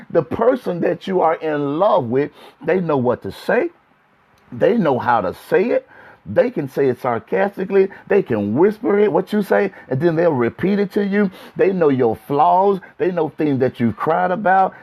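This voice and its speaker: A man's voice: fairly high pitch, darkish tone. A man, a pastor, giving a casual livestream sermon talk, chatty and repetitive, speaking straight to his viewers. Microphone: phone livestream. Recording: dull lo-fi phone stream.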